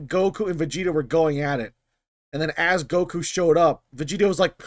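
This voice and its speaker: A man's voice: a little high, a little fast, dry recording, studio quality. A man hosting his channel, talking through a film scene in casual, rambling commentary with frequent swearing. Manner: rambling, profane, animated. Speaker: channel host.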